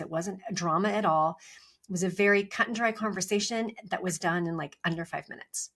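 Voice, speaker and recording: Middle-aged female podcast host, mid-pitched voice, chatty advice delivery with easy laughs. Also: fairly bright tone. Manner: conversational, with fillers and frequent laughs. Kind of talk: casual advice monologue.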